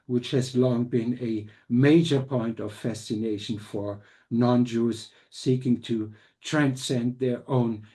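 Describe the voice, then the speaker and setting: Guy giving a conference lecture, calm and measured, warm low-key voice. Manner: measured, reads quotes aloud with small restarts. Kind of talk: academic conference talk.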